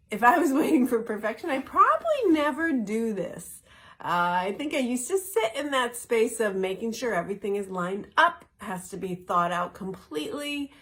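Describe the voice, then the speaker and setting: A middle-aged woman hosting a wellness vlog, talking in an earnest, reflective way with soft laughs, speaking from a greenhouse. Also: mid-range voice. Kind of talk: casual spoken talk.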